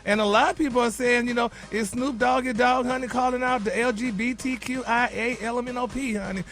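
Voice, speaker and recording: A man's voice: very high-pitched, steady tone, a little fast, a bit bright. A man delivering a celebrity gossip segment on a morning radio show in a sassy, flamboyant way. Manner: sassy, peppers talk with "honey" and "y'all".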